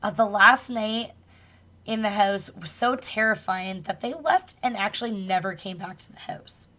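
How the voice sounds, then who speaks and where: A woman co-hosting a podcast tells a spooky true story in a relaxed, chatty way. She swears casually now and then and laughs along with her co-host. Her voice sits in an ordinary middle pitch. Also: moderate pace. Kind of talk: casual chat, retelling a true crime story.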